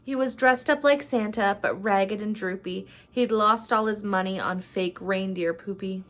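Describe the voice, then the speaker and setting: A woman vlogger reading a rhyming picture book aloud at home at night, in an unhurried storytelling way, then chatting casually. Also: mid-range voice. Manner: unhurried storytelling, laughs between lines.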